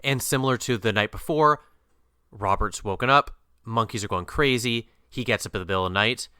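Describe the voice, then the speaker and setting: Low, bright-voiced man musing on a film. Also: brisk, clear, resonant tone, no echo. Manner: rambling with many "uh" and "um" restarts, dry asides. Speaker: podcast co-host. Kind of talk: casual film discussion.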